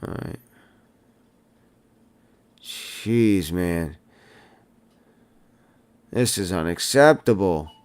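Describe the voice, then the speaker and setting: A low, smooth-voiced man chatting through a hands-on tutorial, muttering to himself as he works at a bench. His voice sits a little deep and resonant, relaxed and conversational. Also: extremely slow, pauses often. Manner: chatty, talks to himself while soldering, muttering frustration. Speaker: drone building tutorial host.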